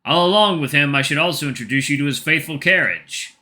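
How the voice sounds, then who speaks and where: A man's voice: fairly high pitch, fairly quick, sharp tone, pitched above the performer's own voice. A man voicing a jovial, theatrical male fox introducing his friends.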